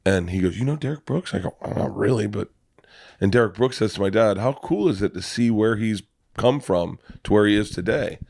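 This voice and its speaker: Low-voiced comedian telling a story. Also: male voice, a little fast, gravelly, no echo, studio quality. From Florida. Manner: animated storyteller, profane. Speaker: comedian guest. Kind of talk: casual storytelling.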